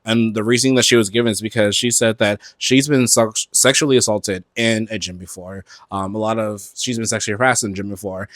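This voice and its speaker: A man hosting a podcast, talking casually about pop-culture news from home in front of his closet, animated and gossipy, swearing freely and filling his talk with "like" and "um". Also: fairly low pitch, brisk, few pauses, dry recording, studio quality. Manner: animated, gossipy and profane, with frequent fillers. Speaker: podcast host.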